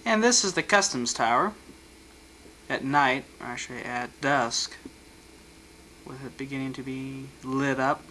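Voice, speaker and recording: A man with a bright, forward voice walks through his family's vacation photos, dropping dry little jokes between captions. A faint hiss sits under the recording. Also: medium pitch, a little slow, long pauses, poor audio. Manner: dry, joking asides. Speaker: home video narrator.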